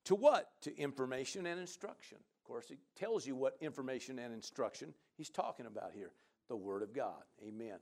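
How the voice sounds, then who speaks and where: A male pastor preaching an animated sermon, sprinkling in "amen" and "hallelujah" and asking the congregation questions. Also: mid-range voice, a little fast, vocal fry. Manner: chats with the congregation and asks members questions.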